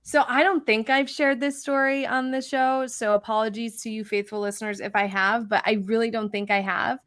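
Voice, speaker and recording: A woman's voice: a little high, steady tone, a bit bright. A woman in her twenties co-hosting a podcast, telling stories in casual, laughing chat. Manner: chatty storyteller, quick asides, laughs often. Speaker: podcast co-host.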